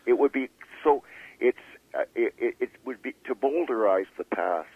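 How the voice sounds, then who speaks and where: A man, an author being interviewed, talking in a halting way with many fillers and restarts. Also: mid-range voice, expressive, breathy edge, no echo, phone-quality sound. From Canada. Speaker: author guest. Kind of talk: interview conversation.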